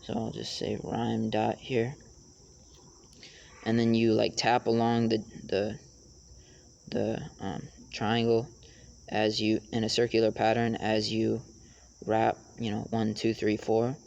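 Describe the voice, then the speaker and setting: Young guy with a gravelly voice, flat delivery, lots of ums, faint crickets behind. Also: lowish voice, lo-fi sound, slight background noise. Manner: halting, many fillers, raps lines to demonstrate. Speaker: rap tutor. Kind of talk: casual tutorial talk.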